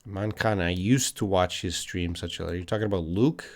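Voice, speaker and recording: A man's voice: deep voice, normal speed. A man with a Canadian accent, an English teacher, answering viewers' questions in a casual live stream, thinking aloud with fillers and restarts.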